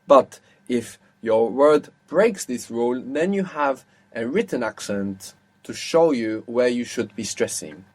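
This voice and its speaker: A man teaching an audio language lesson, patiently asking questions and repeating words slowly. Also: mid-range voice, expressive, darkish tone.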